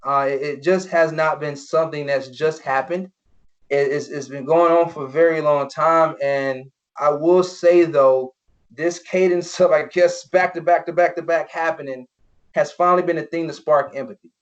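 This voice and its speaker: A man's voice: fairly high pitch, fairly even intonation, moderate pace. A young man, a former football player, telling personal stories as a podcast guest, earnest and full of "you know" fillers. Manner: earnest, many "you know" fillers, acts out quoted voices. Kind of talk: personal storytelling in an interview. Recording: dull lo-fi podcast audio.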